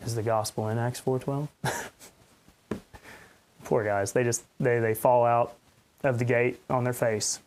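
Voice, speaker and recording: Rambling, ranting pastor. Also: male voice, medium pitch, fairly even intonation, a little slow, pauses often, darkish tone, a little hiss or hum. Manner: rambling, ranting, sarcastic asides. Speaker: pastor and podcast host. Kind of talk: unscripted podcast commentary.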